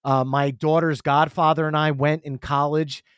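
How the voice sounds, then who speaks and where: A man's voice: on the high side, moderate pace, clear, resonant tone, no echo, clean studio sound. A man in his forties, a podcast guest, telling stories in casual chat and acting out what people said. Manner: animated storyteller, acts out quotes. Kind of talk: casual storytelling.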